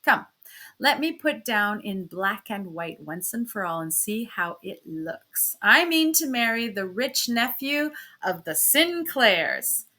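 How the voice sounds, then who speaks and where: A woman reading a classic story aloud in the first person, with expressive shifts in pitch and loudness. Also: slow pace. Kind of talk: storybook read-aloud narration.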